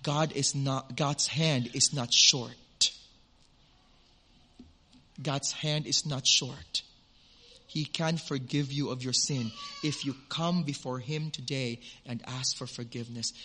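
A man preaching a sermon, telling a personal story with animated swings from loud to hushed, then preaching earnestly. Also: mid-range voice. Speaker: pastor.

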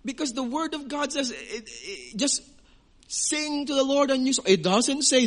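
A man's voice: very high-pitched, sing-song, measured pace, a bit bright. A man preaching a sermon as pastor, emphatic, with rhetorical questions.

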